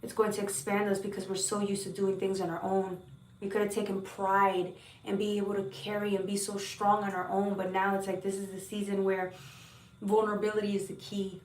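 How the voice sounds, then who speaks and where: A woman's voice: medium pitch, a little mellow, echoey room, recorded from a distance. A woman giving a heartfelt, earnest spiritual tarot reading to her viewers, often repeating words and sometimes swearing. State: emotional at times. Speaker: tarot reader.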